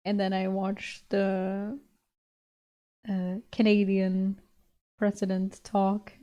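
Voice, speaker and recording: A woman's voice: medium pitch, monotone, takes it slowly, warm tone. A young woman streamer chatting casually with her viewers, laughing often and swearing casually.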